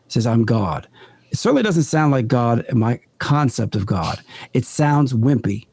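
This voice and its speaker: Mellow-voiced man telling earnest stories. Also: mid-range voice, expressive, creaky, husky, dry recording. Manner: earnest, deliberate, builds stories step by step. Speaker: podcast guest, paranormal investigator. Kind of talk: conversational storytelling in an interview.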